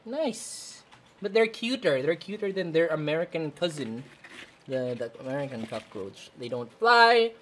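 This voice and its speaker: A man's voice: a little high, big pitch swings, a little slow, fairly bright tone. A man chatting playfully on a vlog, teasing and swearing for laughs. He slips in and out of Tagalog. Faint background noise. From Philippines. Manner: playful, joking, crude, switching into Tagalog. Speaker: vlogger. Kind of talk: casual chat. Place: a room at home.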